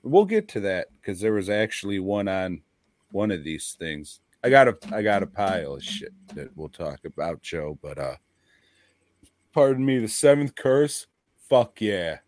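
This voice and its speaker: A man's voice: sits low, very animated, normal speed, dry recording, studio quality. A man co-hosting a podcast, talking in a rambling, profane, laid-back way about movies. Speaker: podcast co-host. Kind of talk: casual chat.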